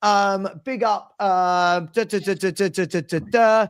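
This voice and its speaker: A chatty man hosts a casual live stream and reads viewers' messages aloud. His voice sits fairly high for a man. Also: steady tone, unhurried, clear, resonant tone. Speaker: livestream host. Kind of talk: casual live watchalong chat.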